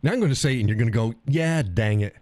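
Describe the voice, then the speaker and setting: A man's voice: mid-range voice, animated, fast talker, a little mellow, no room sound. A man hosting a casual live stream, joking in a folksy way, reading viewers' comments aloud and laughing often.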